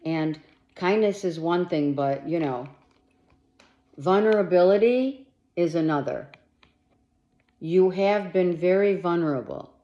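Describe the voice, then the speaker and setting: A woman with a lowish, mellow voice gives a monthly tarot reading, speaking slowly with lively intonation and long pauses. She's blunt and emphatic, swearing freely as she urges the listener on with urgent reassurance, and the audio sounds lo-fi.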